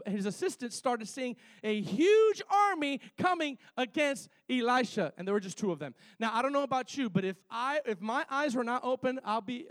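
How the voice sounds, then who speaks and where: A man's voice: extremely high pitch, no echo. A male preacher delivering a fervent sermon to his church, repeating phrases and calling for amens.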